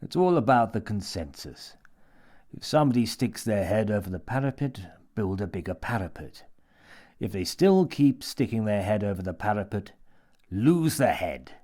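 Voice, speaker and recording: Sinister, smooth-talking mad old man, played by a man reading a story; coaxing, lecturing. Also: lowish voice, sing-song, normal speed, mellow. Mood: menacing. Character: menacing mad old man, tall, grinning, theatrical.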